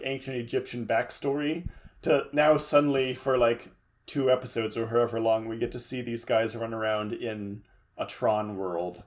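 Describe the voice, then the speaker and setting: A man co-hosting a podcast in casual chat, laid-back and quick with asides. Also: medium pitch. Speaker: podcast co-host.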